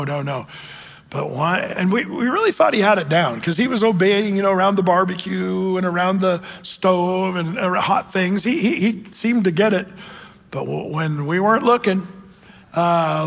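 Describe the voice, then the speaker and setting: A man's voice: sits high, vocal fry, slightly rough, long reverb tail. An older man with a grandson giving a conversational sermon, full of fillers and restarts, acting out the voices of people in his stories. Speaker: pastor.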